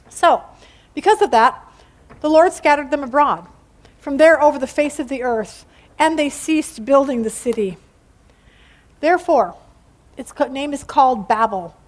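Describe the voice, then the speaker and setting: A middle-aged woman teaching a casual Bible study to a group, chatty and playful, acting out quotes in funny voices. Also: high voice.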